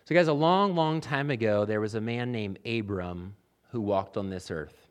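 A man's voice: fairly low pitch, moderate pace, clean tone. A man preaching a sermon as pastor, building emphasis with repeated phrases and addressing the congregation directly.

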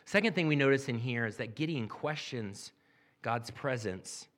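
A man's voice: medium pitch, lively intonation, normal speed, a bit bright. A man preaching a sermon, reading scripture aloud and then explaining it in a plain, conversational way. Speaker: pastor.

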